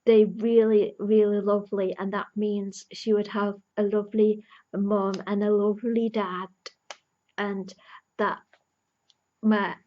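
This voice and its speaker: A woman's voice: medium pitch, level tone, slow pace, highs cut off. A woman giving an earnest, emotionally invested casual review, recapping an episode's plot as a fan.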